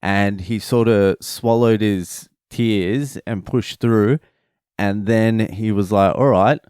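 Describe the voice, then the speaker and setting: A man's voice: lowish voice, takes it slowly, smooth, no room sound, clean studio sound. A man, a father, telling a family story in a casual, profane, rambling vlog. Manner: profane, rambling, animated retelling.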